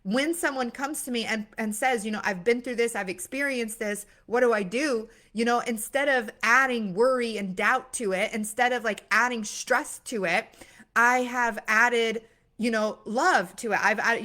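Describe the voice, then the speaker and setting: A woman's voice: on the high side, normal speed, pushed and bright. A young woman giving a casual motivational talk, earnest, with many fillers and restarts. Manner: acts out worried voices with sudden gasps. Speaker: mindset coach. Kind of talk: motivational monologue.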